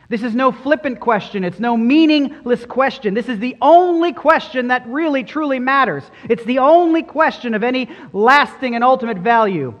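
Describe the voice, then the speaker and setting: A man with a high voice preaches to his congregation, earnest and emphatic, leaning on each key word. His voice rings out with a long hall reverb, and the sound is dull and muffled. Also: a bit bright. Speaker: pastor. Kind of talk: sermon.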